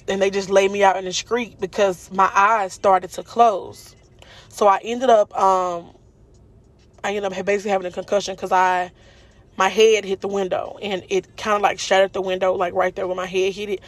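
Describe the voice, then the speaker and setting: A woman recounts a frightening experience straight to her viewers. Her talk is candid and emotional, and it is full of ums and you-knows. The sound is dry and close, with no room echo. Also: medium pitch. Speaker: storyteller recounting a car crash. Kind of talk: casual testimony to viewers.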